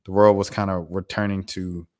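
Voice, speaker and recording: Laid-back young man, lowish voice. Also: flat delivery, a little fast. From United States. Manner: laid-back, reflective, conversational. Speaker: vlogger. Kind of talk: casual commentary to camera.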